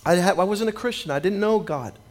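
A man with a high-pitched voice preaches a sermon and works a personal testimony into it. He tells the story with animation, restarting phrases by repeating their first words. When he acts out his younger self, his voice drops low and quiet. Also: brisk.

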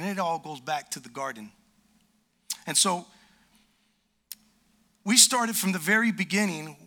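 A man preaching a sermon to a church congregation, animated and lively, acting out the voices of complainers. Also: high voice. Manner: animated, acts out quoted complainers. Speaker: pastor. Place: church sanctuary.

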